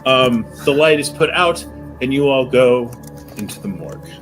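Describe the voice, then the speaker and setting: A man narrating a tabletop role-playing game as game master, describing scenes in a measured way. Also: medium pitch, over music.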